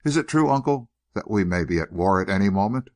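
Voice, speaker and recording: An impulsive nineteen-year-old, as a man acts him out, straining against his elders in urgent, pleading bursts. The voice runs low but leaps around with agitation. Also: expressive, quick pace, darkish tone.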